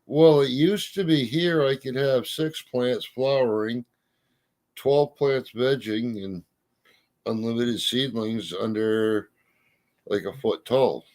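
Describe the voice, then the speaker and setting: Man, folksy storyteller, casual chat, mild swearing, middling pitch. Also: takes it slowly, a little mellow.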